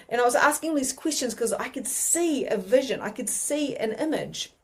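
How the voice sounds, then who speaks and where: A woman with a New Zealand accent teaching mediumship in a chatty, animated way, with many fillers. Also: on the high side, moderate pace. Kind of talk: casual teaching monologue.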